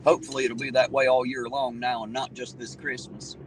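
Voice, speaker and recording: A man with an Appalachian accent and a medium-pitched voice hosts a livestream from his vehicle at night, chatting casually and greeting viewers by name in a folksy, talkative way. His delivery is flat and fairly quick. The mic is distant and road noise is loud.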